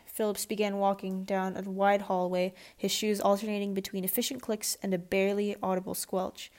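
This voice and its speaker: Woman, children's book read-aloud, steady, plain voice. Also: medium pitch, moderate pace, hardly any pauses. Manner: steady reading with small restarts. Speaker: audiobook reader.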